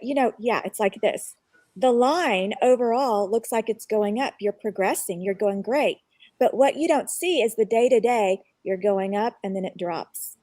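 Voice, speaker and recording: A woman's voice: mid-range voice, darkish tone, no echo. A woman guest on a live online show, telling a personal story in an earnest, reflective way.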